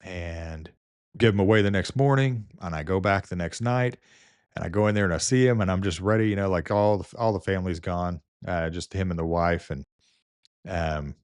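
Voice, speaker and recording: A man with a very low voice tells his nursing stories in a loose, rambling way. He fills his talk with "uh" and "you know" and restarts often. The sound is close and dry. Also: normal speed, clean tone, dry recording. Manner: rambling, with many fillers and restarts. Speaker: nurse and video host. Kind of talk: casual storytelling.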